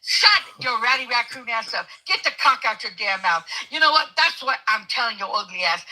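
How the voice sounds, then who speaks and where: A woman with a high, sharply bright voice rants and curses at full volume, her pitch leaping all over the place. She laughs between insults in a heated on-stream argument. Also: expressive, brisk, hardly any pauses, rough recording. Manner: loud, cursing, ranting; laughs mid-tirade. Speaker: guest debating the host.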